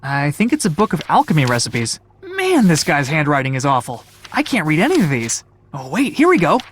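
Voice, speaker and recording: A woman's voice: deep voice, wildly swooping pitch, a little fast, a little hiss or hum. A voice actor playing a sarcastic young male time traveler, casual and wisecracking. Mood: wry. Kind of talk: video game voice acting.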